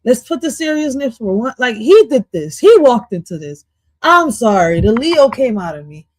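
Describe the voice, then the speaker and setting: A woman hosting a live stream, giving loud, profane reaction commentary and laughing often. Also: a little high, big pitch swings, normal speed, dry recording. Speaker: streamer host.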